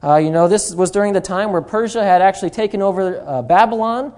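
Male preacher, mellow voice, rambling delivery, lots of fillers, humorous asides, evening church service. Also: high-pitched, fast. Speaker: guest preacher.

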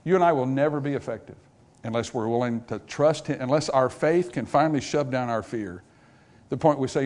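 A man preaches a revival sermon fast to his church congregation, alternating loud, rising passages with low, quiet ones and playing out small dialogues between characters.

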